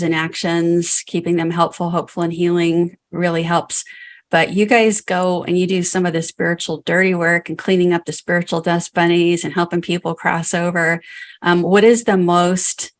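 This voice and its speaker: A woman hosting an interview podcast, asking her guests questions in an encouraging way. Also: on the low side. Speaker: podcast host.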